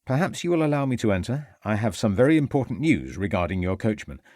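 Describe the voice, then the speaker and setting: A man's voice: fairly low pitch, big pitch swings, a little mellow, dry recording. A man voicing a determined male police inspector who speaks firmly and assertively. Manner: firm, assertive, measured.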